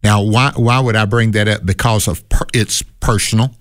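Low-voiced man reflecting on scripture. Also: fairly even intonation, moderate pace, no echo, clean studio sound. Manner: reflective, quotes scripture, asks and answers his own questions. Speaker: co-host. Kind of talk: conversational Bible discussion.

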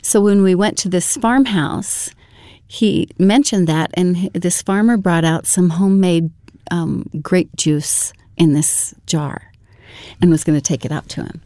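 A woman's voice: lowish voice, unhurried, dark tone, dry recording, studio quality. A woman telling a personal story as a guest, chatty with many fillers and self-corrections.

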